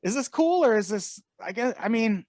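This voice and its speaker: A man's voice: extremely high pitch, expressive, moderate pace, darkish tone, dry recording, studio quality. A man co-hosting a comedy podcast, retelling odd news stories in a casual, laughing way. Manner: storytelling, laughs often. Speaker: podcast co-host.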